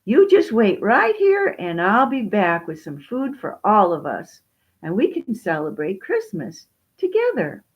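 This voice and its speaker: A woman's voice: medium pitch, wildly swooping pitch, measured pace, slightly rough, highs cut off, voice pushed up, heavily acted. A woman voicing a poor, kindly old widow in a storybook tale, fond and gushing. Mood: delighted.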